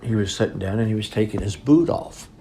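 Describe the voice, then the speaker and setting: Gravelly older man telling folksy stories. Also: on the low side, a little fast, mellow, faint music behind. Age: 80s. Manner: folksy, rambling, colloquial grammar. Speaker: minister's son recounting family photos. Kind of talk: informal storytelling.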